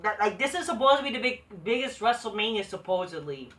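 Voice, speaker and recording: A woman's voice: mid-range voice, big pitch swings, fast, fairly bright tone, far from the mic. A woman reviewing a wrestling show in a profane, exasperated rant, swearing constantly and mocking wrestlers in sing-song quotes. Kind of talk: profane ranting commentary.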